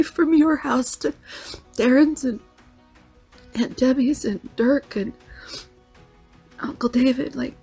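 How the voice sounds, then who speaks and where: Husky, gravelly woman in a voice message. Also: on the high side, a little mellow. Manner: rambling and heartfelt. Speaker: vlogger. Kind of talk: voice message to a relative.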